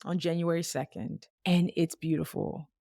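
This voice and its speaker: Woman late 30s telling a story on her podcast, chatty and casual, kinda low voice, dry close mic. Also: normal speed, creaky, no echo. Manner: lively, conversational, acts out quoted dialogue; casual slang. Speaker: podcast host. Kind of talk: personal storytelling monologue.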